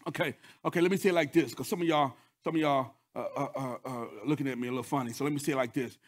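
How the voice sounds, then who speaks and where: A male pastor preaching a sermon, repeating phrases, breaking into sung lines and shouts, talking straight to the congregation. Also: medium pitch, steady tone, rapid-fire. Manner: repeats words, call-and-response asides.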